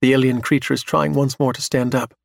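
Man reading a story, steady and measured, mid pitch, dry close sound. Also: vocal fry, no room sound. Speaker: audiobook narrator. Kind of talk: scripted narration.

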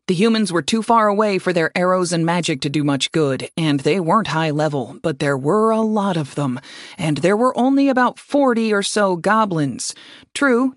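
A man reading fantasy fiction aloud as an audiobook narrator, in a measured, steady way. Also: high-pitched, no echo, studio quality.

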